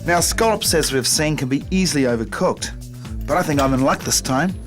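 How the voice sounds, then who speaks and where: A man's voice: fairly high pitch, animated, fairly quick. A man, a chef host tasting and scoring dishes with an upbeat, jokey manner. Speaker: chef judge and show host. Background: music.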